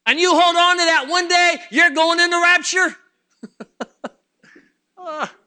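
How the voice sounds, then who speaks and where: Fervent high-voiced male preacher. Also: fairly even intonation, takes it slowly, sharp tone. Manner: fervent, repetitive, talks straight to the congregation. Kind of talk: sermon.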